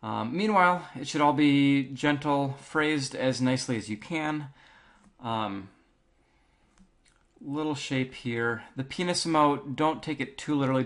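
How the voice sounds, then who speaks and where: A male band teacher calmly walking students through a piece, counting beats aloud with frequent ums. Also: mid-range voice, moderate pace. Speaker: music teacher. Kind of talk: instructional walkthrough.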